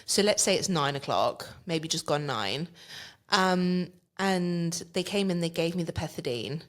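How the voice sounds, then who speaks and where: A woman's voice: on the low side, expressive, unhurried. A woman guest on a podcast, telling a story in casual chat, acting out the other people's lines and swearing freely. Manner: vivid, swears freely, acts out quoted dialogue.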